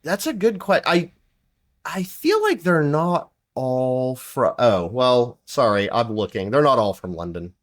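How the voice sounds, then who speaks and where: Rambling man, lively voice. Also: unhurried. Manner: rambling, lots of fillers and restarts; mimics accents with big pitch jumps. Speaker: podcast co-host. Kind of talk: casual chat.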